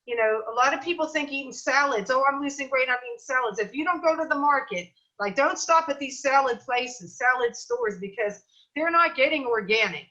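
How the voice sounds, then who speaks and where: A middle-aged woman chatting as an interview guest, talking in an animated, storytelling way with plenty of fillers. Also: sits high, normal speed, highs cut off. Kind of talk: casual interview chat.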